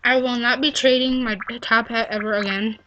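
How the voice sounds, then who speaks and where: A woman's voice: a little high, fairly even intonation, normal speed, highs cut off, a little hiss or hum. A young girl rambling through casual, self-mocking gameplay commentary, easily sidetracked. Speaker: game vlogger. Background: loud game music.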